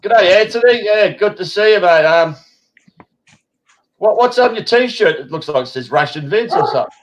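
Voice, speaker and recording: A man's voice: high-pitched, animated, moderate pace, lo-fi sound. A man hosting a live-stream chat, rambling and swearing casually. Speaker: host.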